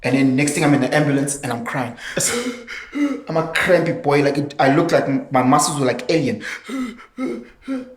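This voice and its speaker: A young South African man telling a story in casual chat, animated and laughing, switching into Zulu now and then. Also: medium pitch, fairly quick. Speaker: podcast guest.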